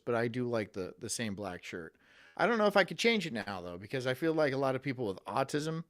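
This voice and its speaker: A man's voice: fairly high pitch, a bit bright. A man streaming live, chatting casually with his viewers in a rambling, profane, self-mocking way.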